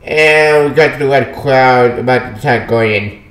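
A man casually reviewing a comic book, dismissive and quick to brush off plot points he doesn't care about. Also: medium pitch, fairly bright tone, echoey room.

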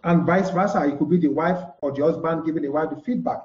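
In a dull, echoey room, a communication trainer teaches a live-streamed lesson over a live broadcast mic. His pitch is fairly high and a little mellow, and he talks fast, constantly saying "okay" and answering questions he poses himself.

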